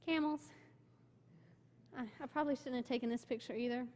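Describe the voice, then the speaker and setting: A young woman in a church giving an excitable, informal report from a mission trip, filling her speech with "like". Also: high voice, a little fast, slight background noise. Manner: excitable storytelling, many "like" fillers. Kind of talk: informal talk with slides. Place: church sanctuary. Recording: long hall reverb.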